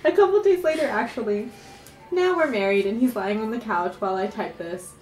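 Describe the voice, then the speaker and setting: A woman telling a comic story about her own life, animated and often laughing as she goes. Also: on the high side, a little fast, reverberant, soft background music.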